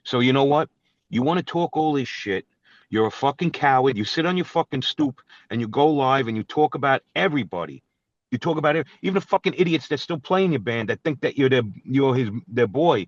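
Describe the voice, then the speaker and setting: A man's voice: medium pitch, lively intonation, fairly quick, no echo. A middle-aged man, a guest telling his side of a feud and calling someone out in a profane, confrontational way. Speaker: guest musician. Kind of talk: angry storytelling and call-out. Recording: dull, dry studio recording.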